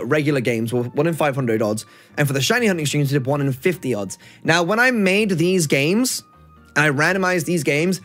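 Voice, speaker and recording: A man's voice: fairly high pitch, fairly bright tone. A young man hosting a casual gaming chat, chatty and self-deprecating as he explains things. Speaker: channel host.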